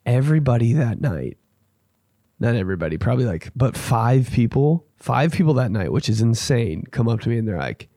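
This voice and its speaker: This young podcast host wanders through casual stories, voicing the people he quotes along the way. His voice is mid-range with a dark tone, captured dry in a clean studio.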